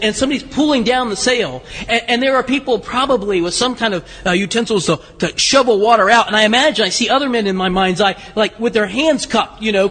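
A man's voice: very high voice, a bit bright, slightly rough, long reverb tail. A male pastor preaching a sermon in a church in a conversational way, asking the congregation questions. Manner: conversational, asks the congregation questions, frequent restarts.

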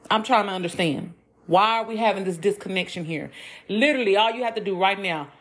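A young woman hosting a podcast, talking bluntly and profanely in casual storytelling chat. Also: on the low side. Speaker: podcast host. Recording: roomy echo.

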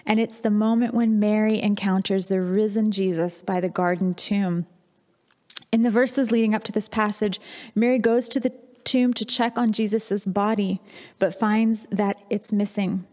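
Woman, pastor, sermon, candid reflective storytelling, mid pitch, long echoing hall reverb. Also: fairly even intonation, normal speed, a little mellow.

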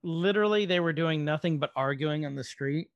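Podcast co-host, male, gravelly and slightly high, animated scene recaps, dry close sound. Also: brisk, dry recording, dull audio. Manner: animated retelling with quoted dialogue, swearing. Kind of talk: casual chat recapping a show episode.

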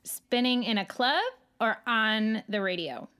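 A woman with a Midwestern accent hosts the chat in a higher voice. She fires off quick questions in a light, playful way. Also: fairly bright tone, clean tone. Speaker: host. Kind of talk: casual chat.

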